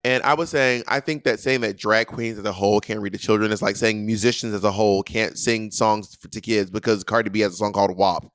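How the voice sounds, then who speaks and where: A young man co-hosting a podcast, telling a story in a sassy, animated way and acting out what people said. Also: on the low side, fairly quick, few pauses, no room sound, studio quality. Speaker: podcast co-host. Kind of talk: casual chat.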